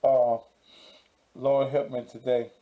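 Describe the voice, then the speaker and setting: Male pastor-host, deep mellow tone, dry and teasing. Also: level tone, slow, rough recording. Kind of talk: casual talk show banter.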